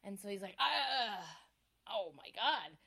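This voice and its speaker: A woman's voice: medium pitch, slow pace, creaky. A young woman co-hosting a casual chat, retelling a movie plot with lots of swearing and acted-out lines. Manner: profane, animated storyteller acting out scenes.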